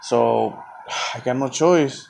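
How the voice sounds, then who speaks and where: On his own podcast, a host tells a long story in a loose, rambling style, swearing constantly and getting heated. His middle-pitched voice is slow, a bit mellow, with vocal fry, and a faint hiss of background noise sits behind it.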